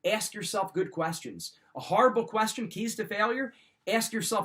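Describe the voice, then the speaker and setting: A middle-aged man with a slightly raised pitch gives a motivational coaching talk. He speaks in a firm, emphatic, direct way. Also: expressive, moderate pace, fairly bright tone. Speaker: wrestling mindset coach.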